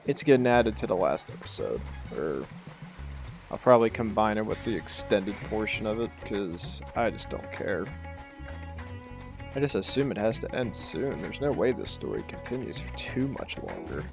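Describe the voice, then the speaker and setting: A man's voice: lowish voice, sing-song, normal speed, vocal fry, over music. A man giving casual, rambling commentary while playing a video game. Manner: laid-back, rambling. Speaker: gaming channel host.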